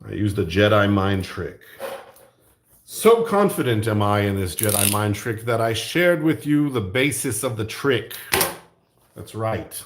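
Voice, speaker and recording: Casual vlog host: man, middle-aged, slow, gravelly, lively pitch, jokey rambling. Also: a little hiss or hum. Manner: jokey, rambling, laughs often. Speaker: YouTube art channel host. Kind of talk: rambling casual chat while crafting.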